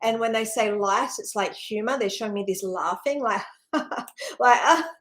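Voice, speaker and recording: A woman's voice: fairly high pitch, normal speed, a bit bright. A middle-aged woman hosting a spiritual channel, talking casually and rambling, with many fillers and frequent laughs.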